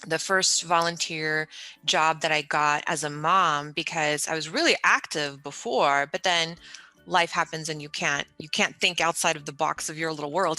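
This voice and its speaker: A middle-aged woman recounts her life in an interview, with a voice that sits low yet sounds bright and forceful. She tells her story with animation and slips into the voices of the people in it. Faint music plays under her talk. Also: no room sound. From United States. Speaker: interview guest.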